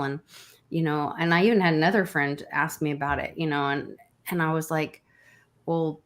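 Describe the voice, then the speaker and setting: Deep-voiced woman, emphatic. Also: fairly even intonation, normal speed. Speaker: online creator with a channel. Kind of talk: casual chat on a live show.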